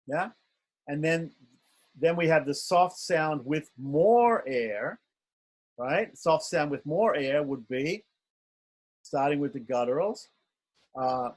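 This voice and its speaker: Slow, patient man drilling pronunciation. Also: on the high side, a little mellow. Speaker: Sanskrit pronunciation teacher. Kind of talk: online class instruction. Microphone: video call.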